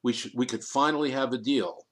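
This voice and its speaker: A man's voice: medium pitch, fairly quick, natural voice. A man reading aloud and voicing a blustering male film producer who speaks assertively but defensively. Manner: assertive, then hushed.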